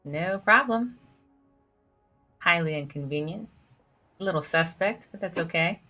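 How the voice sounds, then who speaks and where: A woman doing a let's play, reading out the characters' lines and joking in a giggly, self-deprecating way. Her voice is bright and a little low, with faint game music behind her. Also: animated, measured pace. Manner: giggly, self-deprecating, reads dialogue aloud. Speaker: gamer reading all the game's characters.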